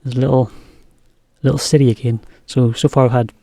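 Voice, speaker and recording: A man giving a relaxed, chatty language lesson. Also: medium pitch, a little fast, gravelly, dry recording. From England. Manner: relaxed, chatty, laughs often. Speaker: English teacher. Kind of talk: casual lesson commentary.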